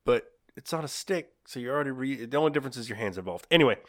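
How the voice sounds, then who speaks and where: A podcast co-host with a medium-pitched voice talks in an animated, rapid-fire way, giggling often as he tells odd trivia.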